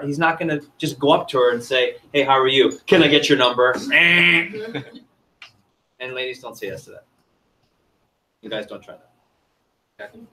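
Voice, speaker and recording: A man's voice: on the high side, sharp tone, slight background noise. A man leading an interactive sales training seminar, quizzing the audience in an upbeat, chatty way.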